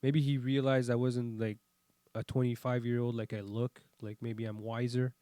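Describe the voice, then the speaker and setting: Man, 30s, podcast guest; animated, profane storyteller, dry recording. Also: medium pitch, moderate pace, no room sound. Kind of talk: casual chat.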